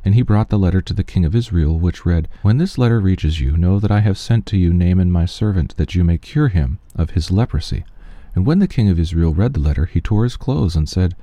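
A man giving a steady, measured reading of scripture, with quoted speech only lightly voiced. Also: sits low, no room sound. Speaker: scripture reader.

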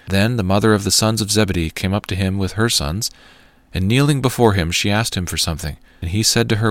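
A man reading scripture aloud in a measured, even way. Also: on the low side, no room sound. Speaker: scripture reader.

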